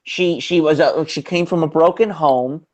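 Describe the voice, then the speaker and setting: A man's voice: on the high side, normal speed. Blunt, profane man telling stories. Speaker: podcast co-host. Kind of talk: casual chat.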